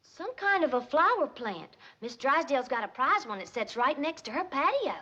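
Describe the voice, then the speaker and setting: A sweet young hillbilly gal. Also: female voice, sits high, moderate pace, full character voice. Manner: folksy country twang. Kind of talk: 1960s sitcom acting. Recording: muffled old TV audio with steady hiss.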